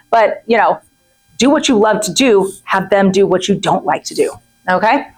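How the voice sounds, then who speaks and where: A woman's voice: medium pitch, rough recording. A woman in her forties giving a chatty masterclass talk to a group, often checking in with "right?" and "okay?" and acting out quoted people. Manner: frequent "right?" and "okay?" asides. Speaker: real estate coach.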